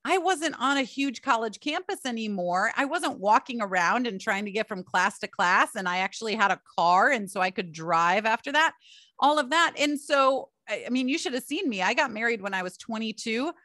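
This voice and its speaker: A woman's voice: fairly high pitch, lively intonation, moderate pace, bright, forceful tone, dry recording, studio quality. A middle-aged woman hosting a solo podcast, telling personal stories in a chatty way and calling her listeners "you guys". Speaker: podcast host.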